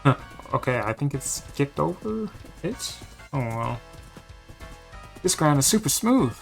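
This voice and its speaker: A man's voice: on the high side, sing-song, a little slow, gravelly, soft background music, exaggerated voice. A man voicing a lazy carefree cowboy. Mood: easygoing. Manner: laid-back, easygoing. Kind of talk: fan dub of a game.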